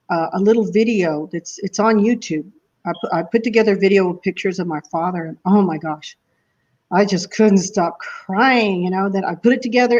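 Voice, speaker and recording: A woman speaks as an interview guest, her voice sitting at an ordinary middle pitch. She tells a heartfelt story in casual conversation and breaks into small laughs along the way. The audio is muffled and lo-fi. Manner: emotional storytelling, frequent laughs. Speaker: guest musician.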